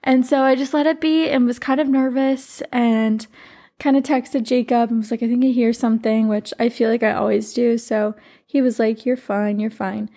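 Woman in her twenties, podcast host, gravelly fry, mellow tone, rambling earnest storytelling. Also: fairly high pitch, little pitch movement, normal speed. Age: 20s. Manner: rambling, heavy on "like", emotional and earnest. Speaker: podcast host and life coach. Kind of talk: casual personal storytelling.

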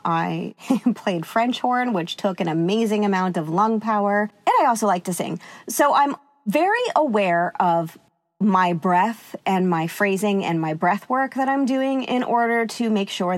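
A woman's voice: medium pitch, dry recording. Upbeat chatty woman, dry close sound. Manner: chatty, upbeat, laughs often, demonstrates voices. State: slightly short of breath. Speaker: podcast host and confidence coach. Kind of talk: solo podcast advice talk.

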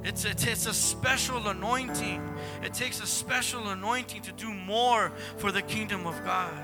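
A male pastor preaching a sermon, often asking "Amen?" and building to loud, fervent passages. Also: high voice, moderate pace, over music.

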